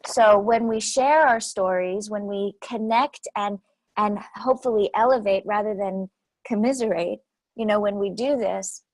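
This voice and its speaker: A woman's voice: medium pitch, normal speed, dry recording, rough recording. A woman speaking as an interview guest, telling stories animatedly and repeating phrases for emphasis. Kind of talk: conversational interview storytelling.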